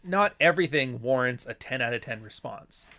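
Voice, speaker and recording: A man of middle pitch hosting a casual livestream and answering chat. He talks bluntly and swears freely, with a sardonic edge. He keeps putting rhetorical questions to himself and then answering them. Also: expressive, normal speed, pushed and bright. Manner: asks and answers his own rhetorical questions.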